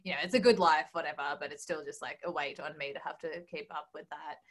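A woman's voice: low-pitched, fairly even intonation, fast, fairly bright tone. A woman co-hosting a podcast, chatting casually and telling stories with lots of laughter and acted-out quotes. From Australia. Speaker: podcast co-host. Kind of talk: casual chat.

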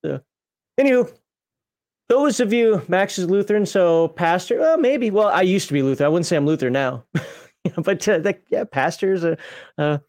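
A man hosting a live stream, chatting casually with jokes and quick asides. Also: high voice, darkish tone, no room sound, clean studio sound. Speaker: podcast host.

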